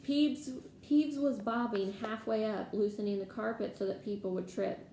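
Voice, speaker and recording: Woman reading aloud, slightly gravelly voice. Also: mid-range voice, steady tone, moderate pace, mellow. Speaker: reader. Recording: echoey room, faint background noise.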